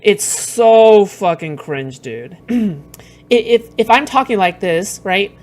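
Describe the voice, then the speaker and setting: A woman's voice: mid-range voice, expressive, slow, darkish tone, slight background noise. A woman streamer talks over clips in a blunt, swear-filled way. She rambles, restarts and stacks up fillers as she reacts. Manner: blunt, profane, exasperated. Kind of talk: casual reaction commentary.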